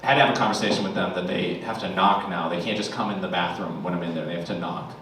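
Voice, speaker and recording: Exasperated New comedian, echoey club. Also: male voice, sits low, steady tone, fast, far from the mic, noisy background. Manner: exasperated, sarcastic rants. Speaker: stand-up comedian. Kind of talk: stand-up comedy. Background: audience laughter.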